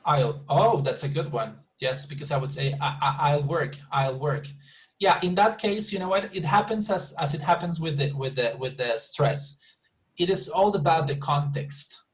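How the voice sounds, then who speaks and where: A man's voice: a little high, lively intonation, moderate pace, rough recording. Patient man teaching English online. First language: Spanish. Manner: patient, repeats and rephrases, checks understanding. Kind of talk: online class instruction.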